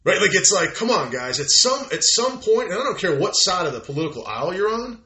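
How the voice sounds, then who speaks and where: A man talking in a casual conversation, animated and profane, acting out quoted voices as he goes. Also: high-pitched, a little fast, reverberant.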